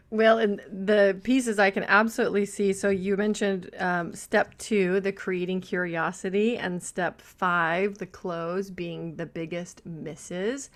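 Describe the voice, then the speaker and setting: A woman hosting a podcast interview who sums up her guest's points and asks reflective follow-up questions. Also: mid-range voice. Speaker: podcast host.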